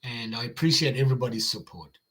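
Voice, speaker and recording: A man's voice: medium pitch, fast talker, a bit bright. Older midwest guy rambling on his live stream, lots of uhs and restarts, just chatting. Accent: American Midwest. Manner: chatty and rambling, with frequent fillers, restarts and laughs. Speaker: channel host on a live stream. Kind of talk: casual live-stream chat.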